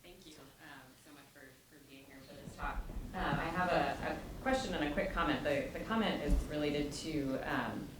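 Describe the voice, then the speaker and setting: A woman in the audience at a college lecture asking a question, speaking quickly and hesitantly with many "um" fillers. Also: low-pitched. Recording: distant, echoey, noisy hall mic.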